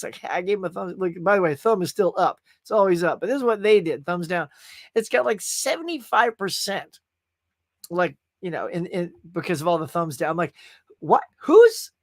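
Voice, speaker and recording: A man's voice: high voice, no room sound, studio quality. A man hosting a casual pop culture podcast, talking emotionally and rambling with restarts as he gushes about a movie. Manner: gushing and emotional. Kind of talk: casual movie review chat.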